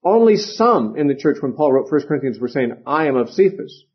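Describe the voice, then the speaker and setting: Man, Bible lecture, husky voice, conversational with fillers and restarts, dull lo-fi recording. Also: medium pitch, very animated, fairly quick. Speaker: Bible teacher. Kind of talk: lecture teaching.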